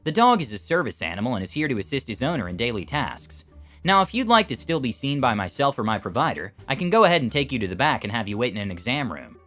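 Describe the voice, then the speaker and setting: A friendly, professional clinic assistant, as a narrator puts him on, speaking courteously and holding firm. The voice is slightly raised above the narrator's own, bright and forceful, with a very lively pitch. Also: male voice, fast, soft background music. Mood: polite, firm.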